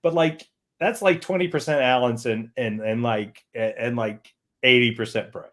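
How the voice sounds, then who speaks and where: A man's voice: medium pitch, moderate pace, fairly bright tone. A man, an author, chatting casually on a livestream and often repeating words as he thinks.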